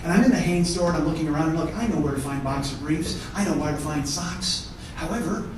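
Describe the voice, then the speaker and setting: A man's voice: a little high, fast talker, background noise. A male comedian performing a one-man storytelling show, talking in a conversational, profane way and bantering with the audience. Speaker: stand-up comedian. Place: theatre stage with live audience. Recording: echoey theatre from far off.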